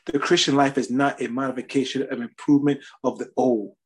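Husky, emphatic middle-aged male preacher. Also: mid-range voice, fairly even intonation, brisk. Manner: emphatic, storytelling, repeats phrases. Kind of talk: sermon with personal testimony.

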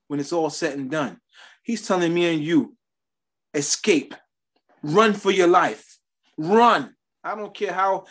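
Middle-aged male preacher, husky, fairly high, emphatic storyteller. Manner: emphatic, storytelling, repeats phrases. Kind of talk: sermon with personal testimony.

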